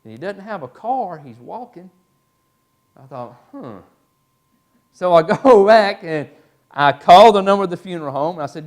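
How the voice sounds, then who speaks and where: A man's voice: on the high side, animated, brisk. A man teaching a church Bible class, telling stories in a folksy way with many fillers. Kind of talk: storytelling in a class.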